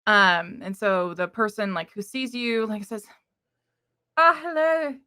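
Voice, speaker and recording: A woman's voice: mid-range voice, measured pace, bright, forceful tone, clean tone. A woman narrating a tabletop game as game master in a rambling way, full of fillers.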